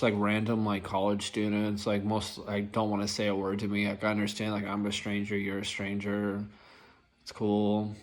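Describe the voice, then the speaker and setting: A young rideshare driver with a fairly low voice rambles through stories in a casual vlog, his speech heavy with fillers and lots of "like."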